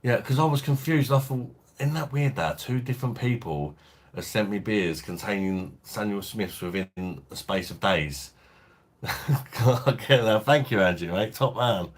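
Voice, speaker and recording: A man's voice: lowish voice, measured pace. A man hosting a casual beer review livestream, chatting laid-back and reading out viewer comments. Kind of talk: casual live-stream chat.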